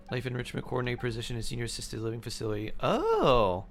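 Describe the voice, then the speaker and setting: A man chatting casually on a game stream, reading chat aloud and humming and mumbling to himself in between. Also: medium pitch.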